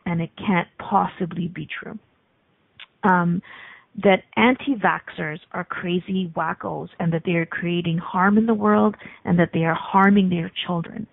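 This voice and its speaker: A woman hosting a radio talk show, talking fast with many ums. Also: lowish voice, vocal fry, no room sound, phone-quality sound. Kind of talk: casual talk radio monologue.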